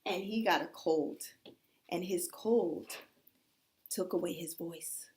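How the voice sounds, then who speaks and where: A woman's voice: lowish voice, takes it slowly, a little mellow. A woman teacher telling young children a story that explains how clock hands work, checking in with them often.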